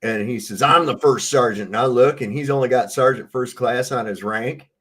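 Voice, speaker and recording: A man in casual chat, telling an army story in an animated way and acting out the voices of the people in it. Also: mid-range voice, normal speed. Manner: animated anecdote teller, acts out the voices he quotes.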